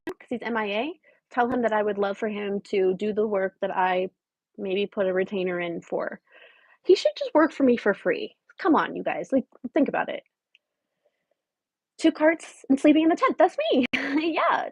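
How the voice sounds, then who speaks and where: A woman's voice: a little high, darkish tone, husky, no room sound, dull audio. A woman playing a scheming homeless woman in her late twenties who wheedles her live chat for a place to stay, shifting into sudden whispers. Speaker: comedic livestream host. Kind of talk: improvised parody livestream.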